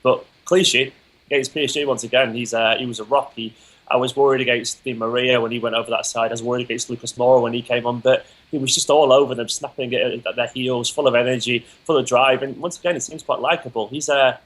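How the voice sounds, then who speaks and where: Guest, man, rapid-fire opinions, mid-pitched, eager football talk. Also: steady tone, a bit bright, rough recording. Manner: quick, enthusiastic, opinionated. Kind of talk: casual football chat.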